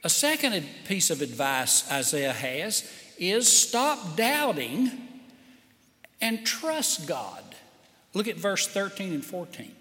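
A man preaching a sermon in a high, animated voice that swoops around as he acts out little quoted lines. He takes his time, and long reverb trails after his words. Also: slow pace. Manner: lively, with acted-out quotes and small laughs. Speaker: pastor.

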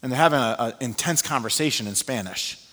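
Animated storytelling pastor in a reverberant hall. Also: male voice, mid-range voice, fairly quick. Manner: animated storyteller with frequent fillers. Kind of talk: sermon storytelling. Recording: long reverb of a large hall.

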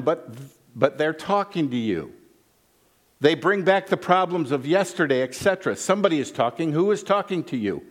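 Male pastor, sermon delivery, lively pitch, unhurried, dry jokes between readings. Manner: wry, joking asides between scripture readings.

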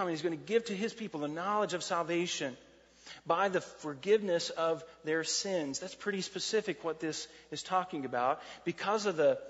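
A man with a high voice delivers a folksy, conversational sermon. His words ring through a church sanctuary with a long reverb. The sound is dull and lo-fi. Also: fairly bright tone. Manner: folksy, conversational preaching with asides and restarts. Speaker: pastor.

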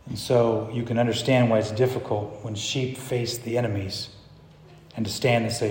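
A man's voice: medium pitch, normal speed. Man preaching in an echoey hall. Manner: swings from hushed to loud emphatic preaching. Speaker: pastor. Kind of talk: sermon.

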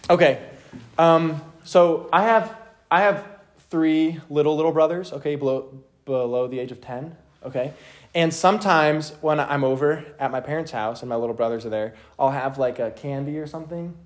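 A young man teaching a youth group from the Bible in a casual, energetic way, often checking in with his listeners. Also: a little high, moderate pace. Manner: energetic, checks in with "okay?" constantly.

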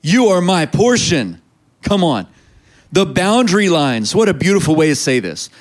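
Preaching man with a higher voice. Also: sing-song, normal speed. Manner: preaching with call-and-response urging. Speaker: pastor. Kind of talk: sermon.

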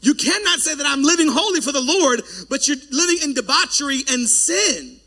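A man preaching a sermon as pastor, loud and forceful, breaking off for joking asides to the congregation. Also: extremely high pitch, expressive, moderate pace.

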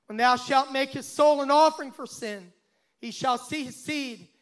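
A pastor preaching a sermon and reading scripture aloud, with dramatic swells and sudden hushes. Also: male voice, very high voice, moderate pace. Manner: dramatic, swelling and dropping to a hush.

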